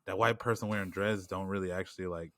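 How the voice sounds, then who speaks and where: Deep-voiced man rambling on a podcast. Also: steady tone, fast talker, fairly bright tone, dry recording, clean studio sound. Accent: New York. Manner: rambling, lots of "like" and "you know what I'm saying". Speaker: podcast co-host. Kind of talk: casual chat.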